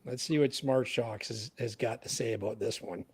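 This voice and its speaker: A man's voice: mid-range voice, moderate pace, husky. A man with a Canadian accent hosting a casual livestream chat, playful and laughing as he keeps score. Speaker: podcast host.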